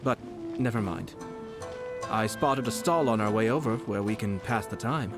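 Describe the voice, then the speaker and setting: A male actor with a fairly low voice gives a light performance as a composed, gracious young noble commissioner in a video game. The character's speech is formal, measured and polite, set against game music.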